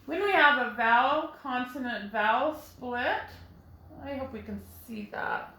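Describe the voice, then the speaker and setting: A woman teaching a phonics lesson to first graders at a whiteboard, explaining slowly and clearly with patience. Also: high voice, sharp tone, reverberant, low-quality recording. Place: classroom with a whiteboard.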